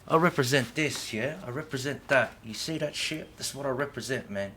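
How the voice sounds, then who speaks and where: A man's voice: medium pitch, moderate pace, pushed and bright, slight background noise. A middle-aged man speaking to camera in an unscripted monologue, heated and profane, full of slang, who keeps checking in with "yeah?". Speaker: vlogger.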